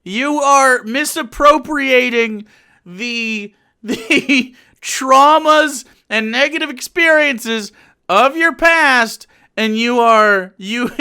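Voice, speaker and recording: Male streamer, exasperated and profane, animated delivery with a sharp, bright tone. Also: very high voice, clean tone. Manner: profane, exasperated, laughing mid-rant. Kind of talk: ranting reaction stream.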